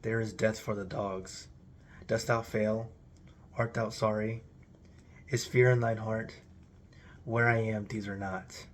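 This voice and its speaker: A man's voice: lowish voice, flat delivery, slow, long pauses, slight background noise. A man giving a solemn, declamatory recitation of an archaic religious text in an intoned delivery. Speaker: reader.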